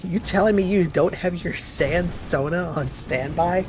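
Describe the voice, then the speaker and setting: A woman's voice: fairly low pitch, unhurried, noisy background. A woman chatting with a teasing, joking manner and frequent laughs during a game stream. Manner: teasing, jokey, laughs often. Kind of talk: casual gaming banter. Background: game music.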